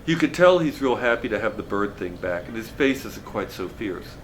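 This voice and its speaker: A man reading a novel aloud in a relaxed, conversational storytelling manner. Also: on the low side, normal speed, slight background noise. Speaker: reader of a novel.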